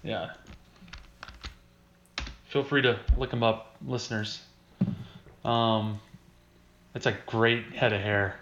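A man's voice: lowish voice, steady tone, takes it slowly, pauses often, a bit bright, a little hiss or hum. Man reading sports stats, echoey lo-fi. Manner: reads out stats, chuckles often. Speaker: podcast host. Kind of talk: casual sports chat. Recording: roomy, dull lo-fi sound.

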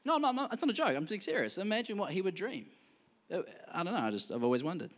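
A man delivers a sermon in a church hall with a high, bright voice, talking to the congregation in a loose, conversational way with humorous asides. His voice carries a long reverb from the large room. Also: sing-song, racing. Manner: conversational preaching with asides and laughter. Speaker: pastor.

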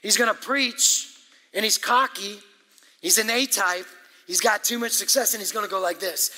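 A man preaching a sermon as pastor, animated and emphatic, with asides and quick laughs. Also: high voice. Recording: echoey hall with long reverb.

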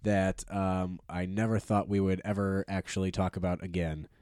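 A man co-hosting a podcast in casual comedic chat, jokey and excitable. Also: low voice, normal speed, clean tone, dry recording, studio quality. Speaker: podcast co-host.

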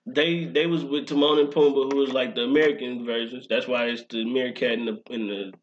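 A young man in casual chat, animated and profane, often breaking into laughter. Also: medium pitch, fairly quick, slight background noise. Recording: roomy, slightly dull lo-fi sound.

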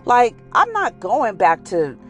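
A woman's voice: fairly high pitch, wildly swooping pitch, takes it slowly, soft background music, full character voice. A woman voicing a laid-back, boastful male tomcat who talks in casual slang about his new life.

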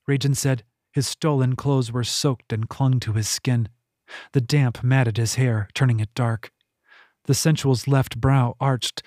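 A man narrates a fantasy audiobook in a measured storytelling manner. His voice sits mid-range. The recording is dry and close. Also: medium pitch, fairly even intonation, darkish tone, no echo. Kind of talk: scripted narration.

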